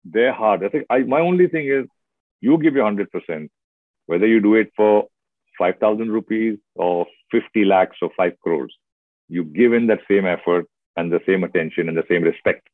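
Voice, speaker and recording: A middle-aged man with an Indian English accent speaks in a fairly low voice and chats with expressive, story-driven energy. The sound is dry and close, with no room around it, and thin and tinny like a phone line. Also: normal speed, no room sound. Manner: expressive, storytelling, lively asides. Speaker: actor guest. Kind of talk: casual interview chat.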